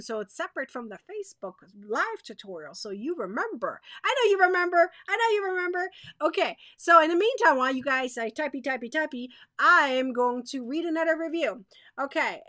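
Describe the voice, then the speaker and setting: A woman's voice: sits high, fairly bright tone, no echo. A woman hosting a live crochet stream, chatting straight to her viewers in a bubbly way, repeating herself and laughing often.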